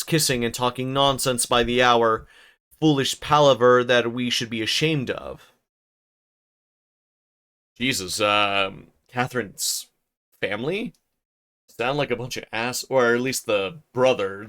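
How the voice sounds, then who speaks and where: Smooth-voiced man reading a novel aloud. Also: medium pitch. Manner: steady reading with stumbles, rereads and casual profane asides. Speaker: streamer narrating a novel.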